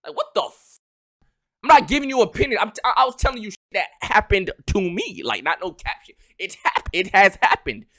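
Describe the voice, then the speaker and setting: A young man streaming live, talking in an animated, loud way and swearing a lot as he argues his point. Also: high-pitched, a little fast. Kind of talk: heated casual chat on a live stream.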